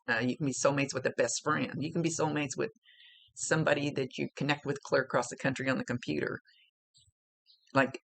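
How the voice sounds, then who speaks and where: Gravelly-voiced middle-aged woman, psychic reading. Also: extremely low pitch. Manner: chatty, emotional, blunt, swears freely. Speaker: psychic medium. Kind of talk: recorded psychic reading monologue.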